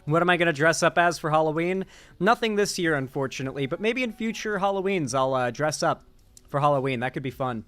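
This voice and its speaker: A young political commentary streamer with a high, fairly bright voice talks quickly and animatedly as he wraps up a live stream. He chats sleepily and casually with his chat, rambling in a laid-back way while thanking viewers and reading donations aloud. Soft music plays in the background.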